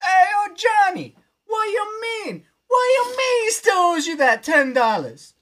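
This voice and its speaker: A man's voice: extremely high pitch, sing-song, unhurried, voice pushed up, full character voice. A man putting on a brash, heckling New York Italian mobster voice, with a put-on accent. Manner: loud, heckling tough-guy bark.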